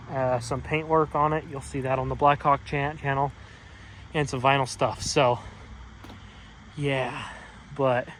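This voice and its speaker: Outdoors at his home car shop, a mechanic vlogger chats casually about working on his old trucks, rambling with plenty of "so, yeah" fillers and an occasional curse. His voice is medium-pitched and a bit bright, and the rough recording carries a little hiss or hum.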